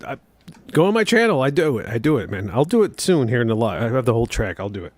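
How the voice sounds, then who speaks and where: Lively, excitable man on a live chat. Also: mid-range voice, fast, no echo. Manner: excitable, whoops and shouts greetings. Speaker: guest guitarist.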